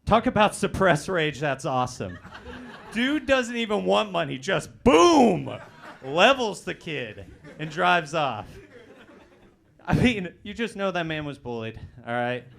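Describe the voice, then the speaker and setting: A young man in his twenties from Colorado, doing a stand-up set on a comedy club stage with a loud, punchy delivery and bursts of shouting. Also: fairly high pitch, sing-song, measured pace, gravelly. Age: 20s.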